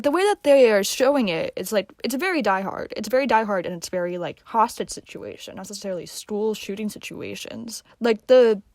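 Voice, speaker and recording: A woman's voice: mid-range voice, darkish tone, no echo, clean studio sound. A young woman hosting a casual reaction vlog, slangy and sarcastic. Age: young adult. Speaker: vlogger, host.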